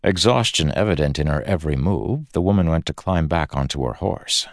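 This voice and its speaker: A very deep male narrator with a gravelly texture reads a fantasy story in measured, dramatic tones. His intonation moves widely, and the close, dry recording keeps every rasp present. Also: animated, no room sound. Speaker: audiobook narrator.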